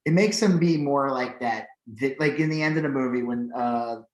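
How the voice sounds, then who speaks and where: A man's voice: medium pitch, normal speed. Podcast co-host, male, mid voice, rambling filler-heavy chat, echoey room. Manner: rambling, filler-heavy, animated when excited. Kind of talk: casual chat.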